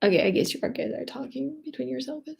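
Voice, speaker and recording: A woman's voice: sits high, lively intonation, brisk, vocal fry, a little mellow. A French woman with a French accent hosting a casual livestream, rambling, searching for words and laughing often. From France. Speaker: vlogger host.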